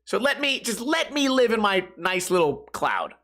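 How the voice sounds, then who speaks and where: Guy rambling on his podcast, swears a lot, laughs at himself, kinda high voice. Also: sing-song, normal speed, sharp tone. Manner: rambling, self-mocking, laughs at own jokes; crude, profane storytelling. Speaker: podcast host. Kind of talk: casual comedic monologue.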